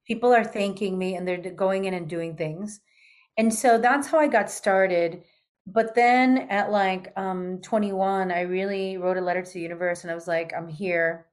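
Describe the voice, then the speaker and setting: A woman in her fifties telling a long personal story to an interviewer. Her voice sits at a mid pitch. She talks in a chatty, animated way and uses casual fillers often. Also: moderate pace. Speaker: guest. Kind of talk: storytelling in conversation.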